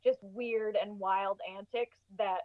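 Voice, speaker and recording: A woman's voice: mid-range voice, steady tone, slow pace, no room sound, narrow, tinny audio. A woman as a guest on a casual horror movie podcast, giggly and chatty with many fillers. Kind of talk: casual chat.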